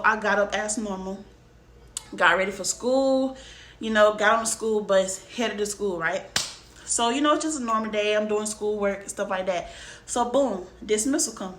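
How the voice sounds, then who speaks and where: A young woman vlogger casually telling a personal story, talking emphatically straight to her viewers. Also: mid-range voice. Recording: roomy room, faint background noise.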